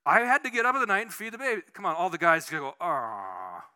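A man preaching a conversational sermon as pastor, animated and telling personal stories, often restarting his sentences. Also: sits high, rapid-fire, smooth.

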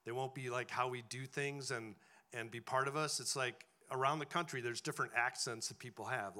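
Bright-voiced male preacher. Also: mid-range voice, steady tone, fairly quick. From farming background. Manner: conversational preaching with frequent rhetorical "right?". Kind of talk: sermon.

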